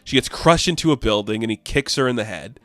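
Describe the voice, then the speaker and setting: A man's voice: lowish voice, expressive, fast talker, fairly bright tone, no echo. A man casually recapping a comic book issue, chatty and enthusiastic.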